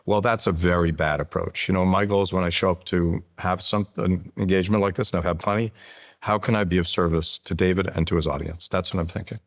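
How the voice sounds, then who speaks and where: A man in his sixties, a company chief being interviewed, explaining his views in a measured way and telling anecdotes. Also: low voice, fairly even intonation. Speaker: interview guest, chief executive. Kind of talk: conversational interview.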